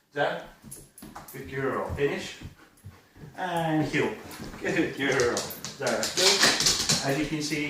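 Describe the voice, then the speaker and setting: A man's voice: mid-range voice, a bit bright. A man working as a dog trainer, running a live training demonstration and explaining it as he goes. He gives short, firm commands and praises often. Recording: very echoey, distant mic, clear background noise.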